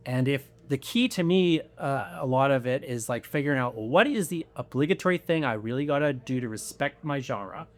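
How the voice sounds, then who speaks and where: A man's voice: medium pitch, lively intonation, brisk, hardly any pauses. A man speaking as a writer on a live convention panel, earnest and explanatory, restarting words as he thinks. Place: convention panel room before an audience.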